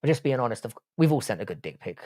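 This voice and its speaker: A man's voice: mid-range voice, big pitch swings, very fast, a little mellow. Blunt British-accented man reading chat. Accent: British English. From Ireland, raised in England. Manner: crude, blunt, jokey banter with chat. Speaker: university professor. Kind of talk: casual live-stream chat.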